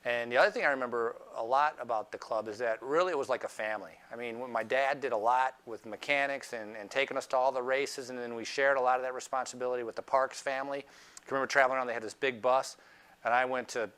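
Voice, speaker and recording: A man's voice: medium pitch, fairly even intonation, fast talker, a bit bright, clean tone. A man, a former cyclist, fondly reminiscing in a documentary interview with frequent restarts.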